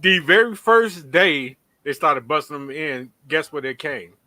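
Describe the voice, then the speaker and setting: A man's voice: fairly high pitch, lively intonation, measured pace, pushed and bright. A man on a casual livestream, speaking bluntly in short remarks.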